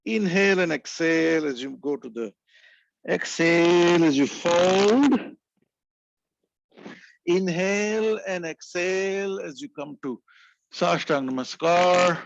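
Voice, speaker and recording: A man leading a yoga class, calmly cueing breath and poses and chanting short mantras. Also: high-pitched, takes it slowly, creaky, long pauses, dry recording, muffled recording. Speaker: yoga instructor. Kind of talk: guided yoga instruction.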